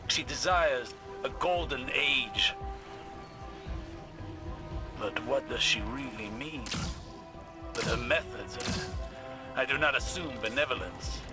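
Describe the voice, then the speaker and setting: A grave, formal male ally in a video game speaks solemnly and with care, voiced by a man. His pitch sits in the middle range. Game music plays clearly beneath him. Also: natural voice.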